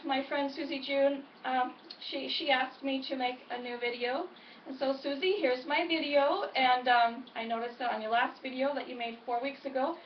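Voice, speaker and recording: Woman, chatty and encouraging, high voice, echoey room, recorded from a distance. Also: lo-fi sound, slight background noise. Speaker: weight-loss vlogger. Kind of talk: casual chatty vlog.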